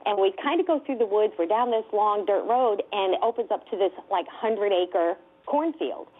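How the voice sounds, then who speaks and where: A woman investigator telling a story with excitement, laughing often and using many fillers. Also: mid-range voice, moderate pace, a little hiss or hum. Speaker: guest UFO investigator. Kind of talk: animated storytelling. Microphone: telephone. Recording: tinny phone line.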